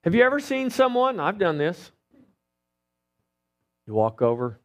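A middle-aged male pastor delivers a sermon in a relaxed, conversational way, peppering it with rhetorical questions. His slightly high voice swoops up and down with lively emphasis. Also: measured pace, long pauses, lo-fi sound.

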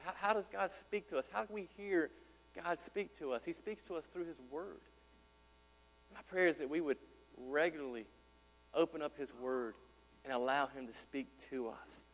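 A deep-voiced man pastors from the pulpit, delivering his sermon in a chatty way and asking the congregation questions. It was captured in a church sanctuary with hall reverb and audible mains hum.

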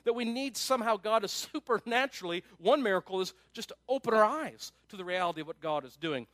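A man pastor preaching a sermon in an animated, conversational way, with asides to his listeners. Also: high voice, fast, no echo.

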